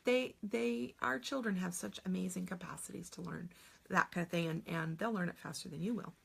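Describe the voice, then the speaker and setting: A woman's voice: on the low side, a little fast, creaky, slightly rough. A middle-aged woman teaching a phonics lesson on video, explaining patiently step by step and modeling each sound aloud.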